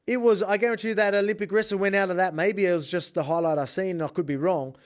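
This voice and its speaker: An Australian man in his thirties talks through a fight in a loose, rambling way, hammering his points home with emphasis. His voice sits a little high for a man. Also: fairly even intonation, fast. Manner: emphatic and rambling, with many restarts. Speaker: professional fighter breaking down a bout. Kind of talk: casual fight analysis.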